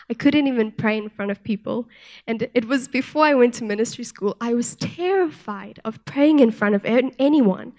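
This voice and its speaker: Young woman, church speaker; soft-spoken, earnest testimony, somewhat high voice. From South Africa. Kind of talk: sermon with personal testimony.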